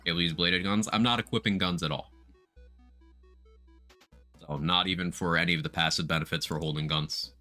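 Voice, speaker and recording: A man with a very deep voice and a bright, forceful edge chats through a live game stream. He talks casually about his build and reads out viewer chat as he plays. Faint music sits under his voice. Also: fairly even intonation, brisk, long pauses. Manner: chatty, reads out viewer chat while playing. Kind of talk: casual gameplay commentary.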